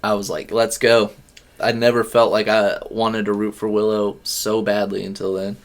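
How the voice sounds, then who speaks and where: Low-voiced man chatting casually about wrestling. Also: normal speed. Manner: excitable, swears casually, jokey. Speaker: podcast co-host.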